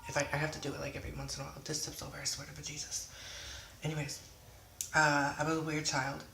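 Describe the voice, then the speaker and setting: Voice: medium pitch, completely flat delivery, quick pace, vocal fry, pushed and bright, a little hiss or hum. A young adult in their twenties telling a storytime vlog in a rambling, casual way, often swearing and then apologizing. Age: 20s. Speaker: vlogger. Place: indoors at home. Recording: echoey room.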